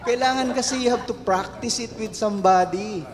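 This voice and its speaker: A man from the Philippines with a Filipino accent, doing animated stand-up comedy and telling stories with rising punchlines. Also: sits high, brisk, slight background noise. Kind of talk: stand-up comedy, mixing Tagalog and English. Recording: long hall reverb.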